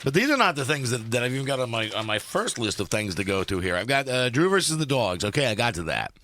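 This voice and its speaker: A man's voice: medium pitch, big pitch swings, fast talker, sharp tone, slight background noise. A man hosting a radio talk show, rambling wryly through his list of topics with lots of restarts. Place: radio studio. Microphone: studio microphone.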